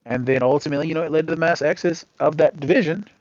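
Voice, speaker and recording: A man's voice: fairly high pitch, racing, a little mellow, dry recording, highs cut off. A man being interviewed as a gaming community leader, telling long anecdotes in a casual, rambling way full of fillers and restarts.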